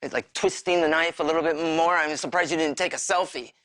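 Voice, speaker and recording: Billy, an actor playing a remorseful husband. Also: male voice, on the high side, steady tone, a little fast, fairly bright tone, natural voice. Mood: defensive. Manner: earnest, defensive, pleading. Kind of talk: TV drama acting.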